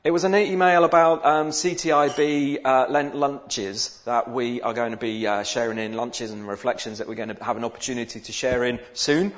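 A man's voice: mid-range voice, steady tone, normal speed, hardly any pauses, muffled recording. A male minister giving a sermon in a chatty, self-deprecating way. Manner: chatty and self-deprecating, with dramatic psalm reading. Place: church.

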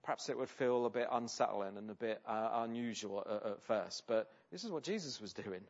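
A man preaching a sermon in a conversational way, often pausing with ums and restarting his sentences. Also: lowish voice, lo-fi sound. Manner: conversational, with many hesitations and restarts.

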